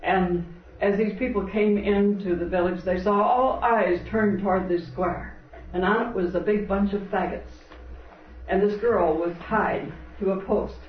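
A man preaching a sermon, earnestly quoting scripture and telling parables in a steady preaching cadence. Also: high voice, measured pace. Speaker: spiritual teacher. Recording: dull, roomy, distant old lecture tape.

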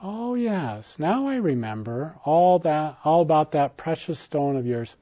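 A man voicing a kindly old hermit sage who speaks gently and unhurriedly, and firmly when he gives orders, in a storybook tale. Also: a little high, animated, measured pace. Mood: calm, gentle. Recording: dull lo-fi recording.

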